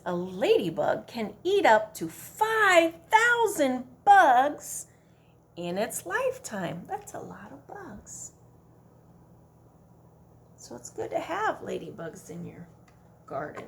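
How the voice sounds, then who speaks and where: A woman's voice: mid-range voice, sing-song, slow. A woman librarian with a Midwestern American accent reading a picture book aloud at a children's storytime, coaxing the kids to count and join in. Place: public library.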